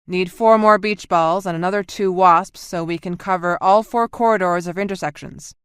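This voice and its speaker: A woman's voice: on the low side, normal speed, clear, resonant tone, no room sound, studio quality, natural voice. A woman reading the part of a terse, watchful male marine private in an audiobook.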